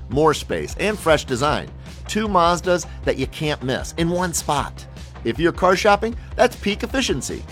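A car dealer reads his own radio spot with a friendly salesman's lilt. His pitch moves lively up and down. Soft music sits under his voice. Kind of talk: scripted radio ad.

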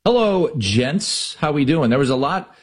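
A man with a husky voice, calling in as a guest on a sports radio show. His pitch moves around a lot as he chats in a relaxed, joking way. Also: a little slow. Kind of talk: casual radio chat.

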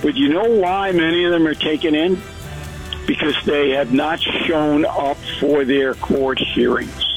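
A man's voice: fairly high pitch, steady tone, unhurried, faint music behind, poor audio. A man giving talk radio commentary, emphatic and laying out his points one by one. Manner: emphatic, lays out points in lists.

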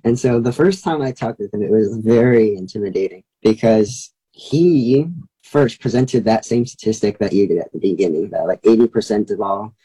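A teenage boy answering questions as an interview guest, quick and casual, with lots of likes. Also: lowish voice, warm tone, husky, rough recording. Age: teens.

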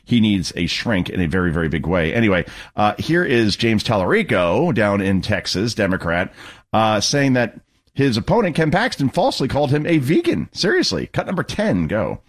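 A man's voice: lowish voice, big pitch swings, moderate pace. A man hosting a political talk radio show, commenting with sarcastic, mocking asides.

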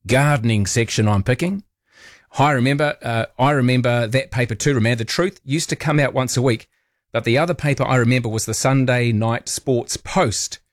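A male radio host, chatting wryly and teasing gently as he reads out listener texts. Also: mid-range voice, no echo, clean studio sound. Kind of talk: casual late-night radio chat.

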